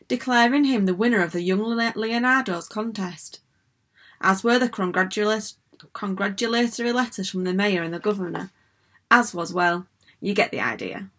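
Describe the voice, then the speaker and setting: A woman narrating a children's storybook in an even, measured reading. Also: mid-range voice. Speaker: audiobook narrator.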